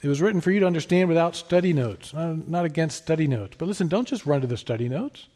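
A man's voice: fairly high pitch, lively intonation, fast. Earnest man preaching with rising emphasis. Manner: earnest, emphatic, rising to stress points then dropping soft. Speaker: pastor. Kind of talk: sermon.

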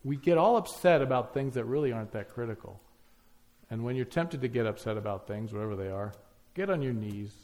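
A man's voice: medium pitch, animated, brisk, a little mellow. A man preaching a sermon, emphatic, piling up lists and rhetorical questions.

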